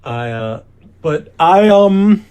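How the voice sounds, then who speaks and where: A man with a slightly higher voice, chatting on a casual podcast. He starts his points haltingly, with a few fillers, before getting to them. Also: expressive, a little mellow, clear, resonant tone. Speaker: podcast co-host. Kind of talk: casual chat.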